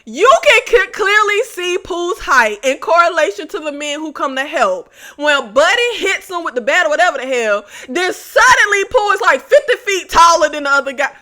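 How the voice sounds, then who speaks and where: A young woman hosts a casual horror review vlog, talking straight to her viewers. Her high, bright voice stays animated, and she laughs and swears freely. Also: moderate pace, hardly any pauses.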